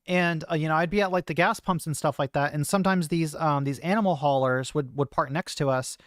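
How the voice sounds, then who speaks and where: A woman's voice: low voice, fairly quick, no room sound. A trans woman streamer talking in a casual, hesitant monologue, full of fillers and restarts, into a close desk mic. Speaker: streamer host.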